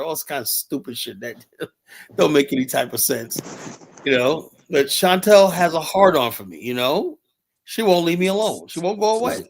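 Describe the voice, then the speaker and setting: A man hosting a livestream panel, venting in a long, profane, rambling rant full of "you know?" tags. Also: a little high. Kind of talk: heated panel debate.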